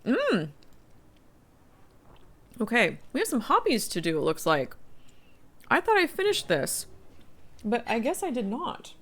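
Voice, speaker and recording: A woman's voice: on the high side, wildly swooping pitch, measured pace, long pauses, fairly bright tone. Chatty middle-aged woman game streamer. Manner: chatty, thinks aloud, reads quest text aloud. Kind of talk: casual live-stream commentary.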